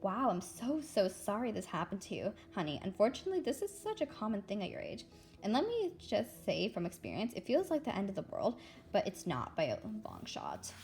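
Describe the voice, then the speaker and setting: A woman's voice: mid-range voice, huge pitch swings, fairly quick, a little mellow, soft background music. A woman voicing a caring middle-aged mother who speaks in a soothing, reassuring way, in a read-aloud of a children's novel.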